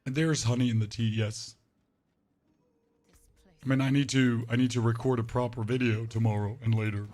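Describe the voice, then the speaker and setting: His delivery is flat and a little mellow, at normal speed with frequent pauses. He's a man giving live gameplay commentary and rambling to his viewers, his voice forced lower, hoarse and off, with little emphasis.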